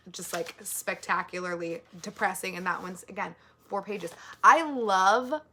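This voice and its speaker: Casual woman book vlogger, rambling and filler-heavy, bright tone with vocal fry, earnest. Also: mid-range voice. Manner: rambling, filler-heavy, with many likes and ums; earnest and easily moved. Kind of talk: casual monthly book wrap-up.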